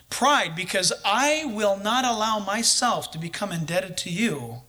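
A man with a high, bright voice preaches through a personal anecdote. He tells it in a lively, conversational way and chuckles at his own story. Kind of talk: storytelling in a sermon.

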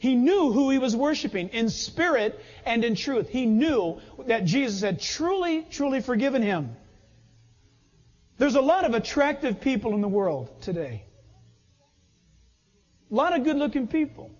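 A high, lively male voice preaching a sermon, swinging his pitch widely as he tells stories and laughs along. The sound is dull and carries a long echo, as in a big church hall. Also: unhurried. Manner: animated storytelling, often laughing. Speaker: pastor.

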